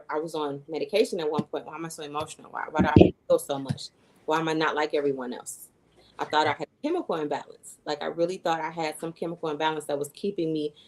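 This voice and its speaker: A woman in her thirties with a deep, darkish voice appears as a guest on an interview, recorded with poor audio. A human design coach and astrologer, she tells her personal story earnestly, using fillers and quoting herself briefly.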